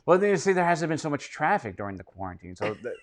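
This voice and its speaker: A man's voice: on the high side, very animated, fast, a crowd in the background. A man co-hosting a casual podcast chat, joking with crude humor. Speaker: podcast co-host.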